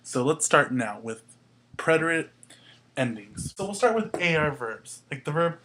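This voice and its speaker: A young man hosts a casual lesson, walking through the material step by step and spelling out endings letter by letter. His voice sits at a middle pitch, with faint noise in the background. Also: lively intonation, moderate pace, pushed and bright, low-quality recording. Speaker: host, Spanish tutor.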